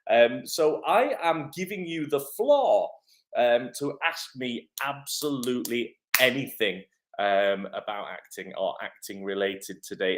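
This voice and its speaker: An acting coach and agency head runs a live Q&A stream in his kitchen at home, talking in a cheerful, chatty way full of ums. He speaks at medium pitch, animated but a bit slow.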